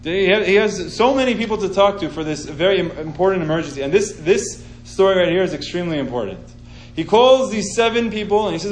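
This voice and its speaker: A man teaching an informal scripture class, telling the story with animated sarcasm. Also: high voice, fast talker, reverberant, a little hiss or hum, poor audio.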